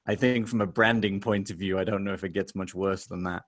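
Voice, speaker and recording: Lower-voiced host, dry sound. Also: male voice, fairly even intonation, brisk, no echo. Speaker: podcast host. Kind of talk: casual podcast interview.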